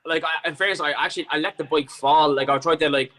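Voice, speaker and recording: Irish male podcast guest, animated and sweary storyteller, bright tone. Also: a little high, quick pace, rough recording. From Ireland. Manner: animated, sweary, lots of restarts. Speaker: guest fighter. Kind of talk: casual storytelling chat.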